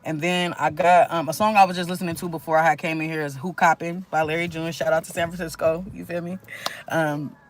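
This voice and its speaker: A man's voice: fairly high pitch, flat delivery, fairly quick. A man in his thirties giving a casual spiritual pep talk on a phone livestream from a waterfront, rambling and often asking "you know what I mean". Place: outdoors at a waterfront.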